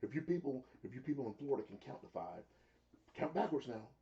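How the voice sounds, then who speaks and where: A smug young wrestling heel taunts in a raised, sing-song voice, as a man puts him on. The voice sits well above the man's usual pitch and is muffled by lo-fi stream audio. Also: lively intonation, quick pace, lightly acted. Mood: taunting.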